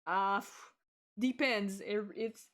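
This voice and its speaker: A woman's voice: mid-range voice, steady tone, slow, fairly bright tone. A woman VTuber hosting a casual stream, bubbly and scattered, laughing often while fiddling with her stream setup.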